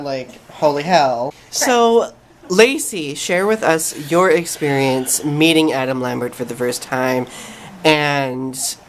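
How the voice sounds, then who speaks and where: A young woman hosts a casual vlog chat, playfully handing the talk to her friends. Her voice is very low for a woman. Faint background noise sits behind her. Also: rough recording. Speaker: vlog host.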